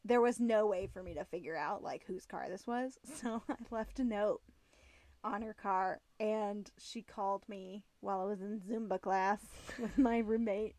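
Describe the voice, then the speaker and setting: A young woman, co-hosting a podcast and telling stories in an animated, casual way. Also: a little slow, dry recording. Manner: animated storyteller, acts out nervous high squeaks. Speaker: podcast co-host. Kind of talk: casual chat.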